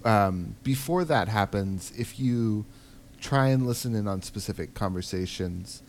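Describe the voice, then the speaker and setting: A man's voice: fairly low pitch, unhurried, a little hiss or hum. A man co-hosting a podcast, chatting casually about a video game and thinking aloud with frequent ums. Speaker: podcast co-host.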